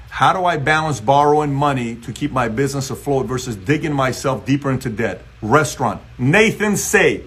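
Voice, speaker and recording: A man from Iran with an Iranian accent, hosting a motivational live stream and taking callers, talking emphatically and repetitively. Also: mid-range voice.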